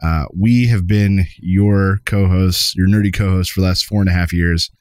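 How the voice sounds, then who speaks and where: A lower-pitched man chatting casually as a podcast co-host. He keeps the tone jokey and laughs easily. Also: fairly even intonation, moderate pace, darkish tone, dry recording, studio quality. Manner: jokey, laughs often, stumbles through tongue twisters. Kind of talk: casual chat.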